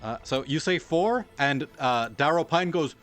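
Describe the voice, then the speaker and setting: A man's voice: fairly high pitch, lively intonation, measured pace, a bit bright, soft background music. A young man running a tabletop game as game master, talking loosely with many fillers and restarts.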